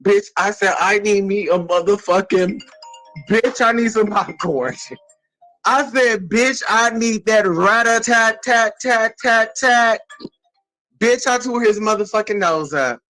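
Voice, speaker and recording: A woman vlogger telling stories in a casual, profane rant that bursts into shouting. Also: mid-range voice, animated, measured pace, soft background music, poor audio.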